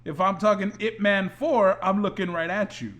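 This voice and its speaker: A man hosting a podcast in casual chat, animated and opinionated with quick jokes. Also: high-pitched. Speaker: podcast host.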